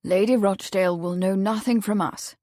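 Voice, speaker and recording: A woman voicing a kindly, measured Victorian gentleman investigator. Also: medium pitch, steady tone, no echo, clean studio sound, natural voice.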